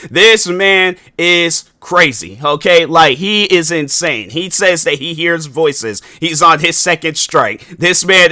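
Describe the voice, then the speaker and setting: A man's voice: high voice, pushed and bright, dry recording, clean studio sound. A young man talking casually on his own podcast, rambling and restarting his sentences as he goes. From Washington, US. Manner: loose, conversational, repeats and restarts often. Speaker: podcast host. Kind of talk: casual solo podcast monologue.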